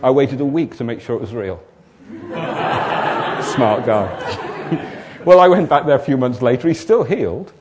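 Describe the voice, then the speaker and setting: A man's voice: medium pitch, animated, moderate pace, pauses often, darkish tone, some chatter behind, slight background noise. A man preaching to a congregation. He tells his story by playing out the back-and-forth of a conversation, then builds into emphatic, urgent exhortation. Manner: acts out both sides of conversations, rising to emphatic exhortation. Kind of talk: sermon with storytelling.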